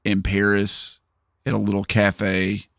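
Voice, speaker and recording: A man's voice: on the low side, monotone, takes it slowly, gravelly, fairly bright tone, no echo, clean studio sound. A man streaming a video game, chatting casually and joking with his viewers, laughing often. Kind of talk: casual live-stream chat.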